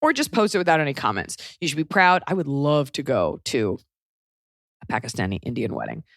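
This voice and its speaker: Blunt, animated woman podcast host. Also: rumbling low, fairly quick, no echo, studio quality. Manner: blunt, swearing, animated advice. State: pregnant. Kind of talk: casual podcast chat.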